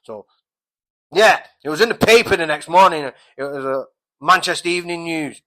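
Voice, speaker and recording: Bright-voiced rambling man. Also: fairly high pitch, normal speed, poor audio. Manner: rambling, swears constantly, many restarts and fillers. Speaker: podcast host. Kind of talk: casual storytelling monologue. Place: at home, by a window on a street.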